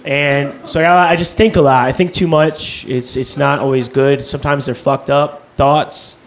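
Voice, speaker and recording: A young man whose voice sits on the high side keeps a steady, unhurried tone as he rambles through a profane, self-mocking stand-up set for a live audience. The club recording carries loud crowd noise.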